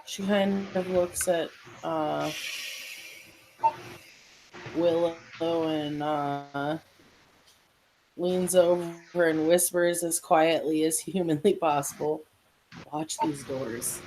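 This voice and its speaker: Woman, tabletop player, slow and hesitant, lowish voice. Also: fairly even intonation, noisy background. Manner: hesitant, halting, laughs often. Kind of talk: describing her character's actions.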